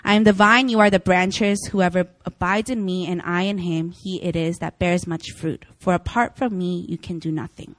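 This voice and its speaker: A young woman preacher giving a casual sermon, chatty and animated, often laughing as she tells stories. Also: lowish voice, moderate pace, few pauses, dry recording. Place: church meeting room.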